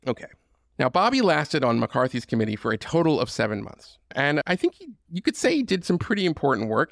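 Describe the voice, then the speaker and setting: A man with a gravelly, creaky voice tells history in a loose, conversational way, stacking asides and casual fillers. His pitch sits in the middle for a man. The sound is close and dry, with no room echo. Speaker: podcast host. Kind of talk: history podcast monologue.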